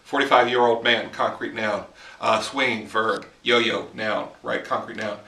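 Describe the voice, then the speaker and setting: A man's voice: fairly low pitch, steady tone, unhurried, bright, forceful tone, roomy sound, recorded from a distance. A man teaching writing in a casual, explanatory monologue while walking outdoors in the woods, filming on a handheld camera. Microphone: handheld camera mic.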